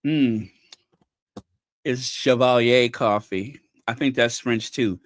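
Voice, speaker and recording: A man's voice: medium pitch, expressive, slow pace, no room sound, studio quality. An American man hosting his own channel, talking casually to viewers in a rambling, playful way with lots of fillers. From United States. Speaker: channel host.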